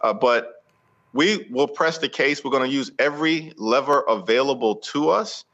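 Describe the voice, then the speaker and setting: A man speaking as a guest politician in an interview, forceful and rhetorical with a speechmaking cadence. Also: mid-range voice, normal speed, dull audio.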